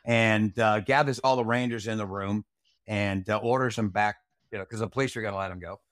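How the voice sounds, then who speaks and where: A man's voice: on the low side, steady tone, a little fast, a bit bright, dry recording, studio quality. A man recounting a night from his Army days as an interview guest, blunt, profane and heated. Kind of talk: casual storytelling interview.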